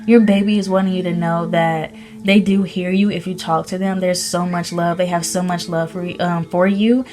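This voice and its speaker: A woman's voice: lowish voice, little pitch movement, moderate pace. A woman giving a casual tarot reading, gushing and chatty, with many ums and restarts. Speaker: spirit baby medium giving a tarot reading.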